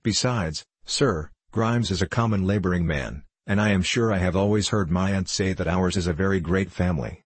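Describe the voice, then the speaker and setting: A spirited, innocent young gentlewoman, read by a man who earnestly protests her case. His own low, husky voice carries the lines. The sound is close and dry. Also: moderate pace, few pauses, no echo. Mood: protesting. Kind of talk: audiobook character reading.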